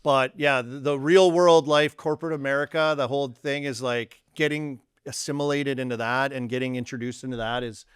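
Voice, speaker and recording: A man's voice: medium pitch, fairly quick, few pauses, clear, resonant tone, no echo, clean studio sound. A Canadian man in his forties, a former hockey player, telling stories in a casual chat and acting out the dialogue. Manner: animated storyteller, acts out quoted dialogue.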